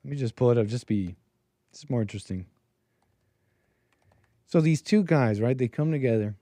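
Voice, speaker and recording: A man's voice: medium pitch, lively intonation, moderate pace, mellow, dry recording. A man hosting a call-in show, delivering a rambling, stop-start commentary monologue as he thinks aloud and mutters asides.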